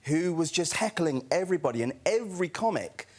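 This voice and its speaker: A man's voice: fairly high pitch, very animated, fairly quick. A man on a chat show, telling a self-deprecating anecdote with laughs in a TV studio. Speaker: guest comedian. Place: TV studio with audience.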